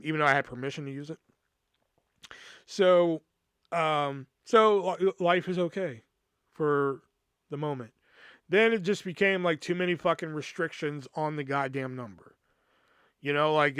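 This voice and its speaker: A man's voice: on the high side, clean tone, dry recording, clean studio sound. A man hosting a podcast, telling a story in a casual, exasperated way, swearing freely and acting out what his coworkers said. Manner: profane, exasperated, acts out quoted coworkers. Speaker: podcast host.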